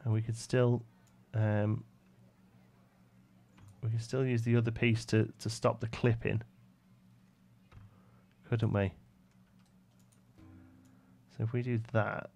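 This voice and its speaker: A man's voice: medium pitch, little pitch movement, slow pace, gravelly, pauses often, darkish tone. Chatty man with a Brummie accent. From West Midlands, England. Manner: chatty, reads chat aloud and answers viewers. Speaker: live-stream host. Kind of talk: casual live-stream chat while building.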